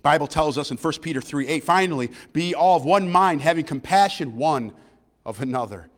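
A high-pitched man preaches a sermon, his voice rising and falling in wide, lively swings. He moves between loud declarations and hushed, quiet lines. The sound carries a long reverb, as in a large church hall. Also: a little fast. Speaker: pastor.

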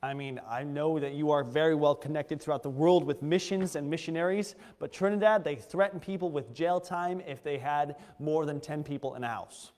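A slightly high-voiced male missionary pastor gives his testimony from the pulpit, earnest and conversational, often stopping to restart a thought. The sound rings with the long reverb of a church hall. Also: normal speed, few pauses, a little mellow. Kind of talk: sermon testimony. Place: church sanctuary.

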